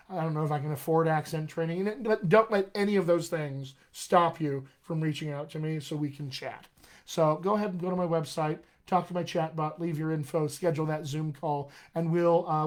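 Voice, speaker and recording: A man, working as a dialect coach, answers viewer questions in a chatty, encouraging live-streamed session. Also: fairly high pitch.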